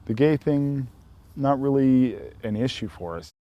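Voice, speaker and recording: A man from Montana casually telling a personal story in a relaxed, rambling way, full of "you know" fillers. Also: mid-range voice, unhurried, dry recording, lo-fi sound. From Helena, Montana. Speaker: storyteller sharing his coming-out experience.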